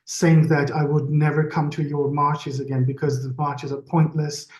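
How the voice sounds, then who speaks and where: An earnest man making his case in a political discussion. His voice is fairly high for a man, and it rings in an echoey room. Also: level tone, moderate pace, a little mellow, dull audio. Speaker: panel guest.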